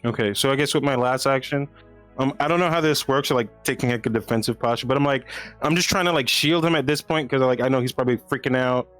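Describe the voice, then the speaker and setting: A man's voice: mid-range voice, quick pace, a bit bright, clean tone, soft background music. A man playing a tabletop game, chatting in a casual, rambling way and laughing easily. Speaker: player.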